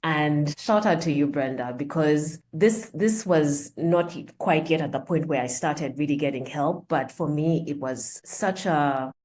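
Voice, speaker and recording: A woman's voice: low voice, a little slow, hardly any pauses, a little mellow. A woman guest on a podcast, telling a personal story in an earnest, reflective way.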